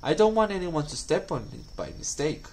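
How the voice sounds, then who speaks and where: A man voicing a helpful young male bear in a storybook reading, steady and reassuring. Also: a little high, moderate pace, slight background noise.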